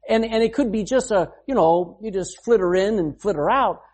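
A man's voice: high voice, normal speed, darkish tone. A man preaching a sermon as pastor, emphatic, reading scripture aloud and explaining it.

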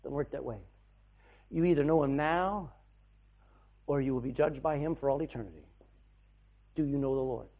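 A man preaching a sermon to his church in a folksy way, swinging between loud bursts and soft asides. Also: medium pitch, normal speed, pauses often. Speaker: pastor. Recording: tinny, phone-like band.

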